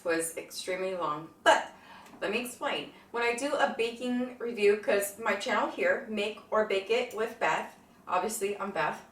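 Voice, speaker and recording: A woman hosting her cooking channel in a casual, bubbly vlog, excitable and swearing freely. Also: mid-range voice. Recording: echoey room, mic at a distance.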